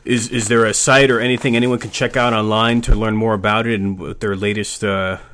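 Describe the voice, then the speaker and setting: Easygoing low-voiced podcast host. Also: male voice, level tone, brisk, fairly bright tone. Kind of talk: casual podcast chat.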